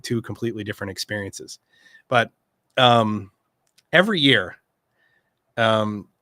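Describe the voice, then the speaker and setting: A middle-aged man with a lowish but bright, forceful voice hosts a casual livestream. He talks in an earnest, rambling way, stacking up asides and restarts. The sound is close and dry, with no room around it. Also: no room sound. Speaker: host.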